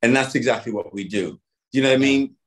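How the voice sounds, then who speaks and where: A man's voice: medium pitch, quick pace. A middle-aged man, an actor being interviewed, talking casually and loosely, with lots of "like" and "you know what I mean".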